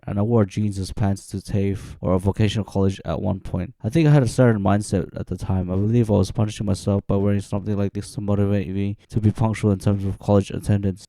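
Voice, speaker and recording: A man in his twenties reading a scripted account of his own life, giving dates and events in a steady, plain way. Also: lowish voice, no room sound. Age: 20s. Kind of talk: scripted personal narration.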